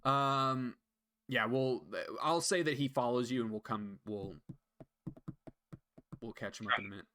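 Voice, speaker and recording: A man narrating as game master of a tabletop game, at an ordinary middle pitch. He talks haltingly, with frequent fillers and restarts. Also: steady tone, pushed and bright.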